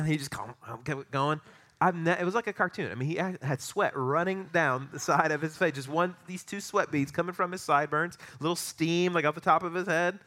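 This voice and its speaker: A middle-aged pastor delivers a sermon, moving from prayer into a playful anecdote. His voice is bright and forward. His energy climbs into excited peaks as the story builds. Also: a little high, a little fast.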